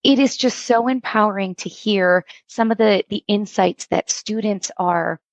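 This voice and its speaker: A woman's voice: medium pitch, unhurried, no echo. A middle-aged woman, an instructional coach, telling stories in a podcast interview and acting out the quoted dialogue. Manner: animated storytelling, acts out quoted dialogue.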